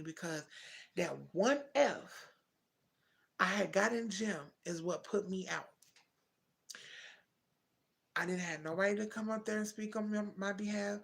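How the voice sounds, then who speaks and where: A young woman casually telling a heartfelt personal story on a livestream, rambling and correcting herself as she goes. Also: mid-range voice. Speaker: livestream host.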